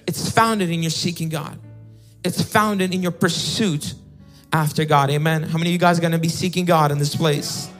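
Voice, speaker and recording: A man's voice: fairly high pitch, steady tone, moderate pace, a bit bright, soft background music. A young man preaching a sermon, swinging between chatty, stammering stories and sung, chanting emphasis on key lines. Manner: chatty anecdotes with stammered restarts. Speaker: pastor.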